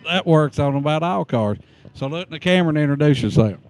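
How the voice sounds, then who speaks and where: A man's voice: on the high side, lively intonation, quick pace, a little mellow, a little hiss or hum. A man greeting students at a school entrance outdoors, folksy and joking as he gives friendly instructions. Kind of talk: casual on-camera greeting.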